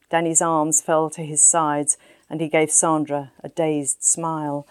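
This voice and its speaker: A woman narrating a first-person story in an even, measured way. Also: on the low side, dry recording, studio quality. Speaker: audiobook narrator.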